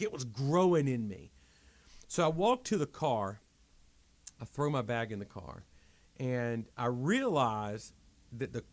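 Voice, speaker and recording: A man, a pastor guest on a podcast, telling a personal story in an animated, emphatic way that repeats and restarts phrases. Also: medium pitch. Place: podcast studio.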